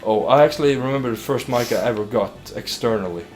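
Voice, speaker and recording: A man's voice: medium pitch, a little mellow, soft background music. Rambling young male gamer, casual. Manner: rambling, halting restarts. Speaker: let's play host. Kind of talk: casual gaming chat.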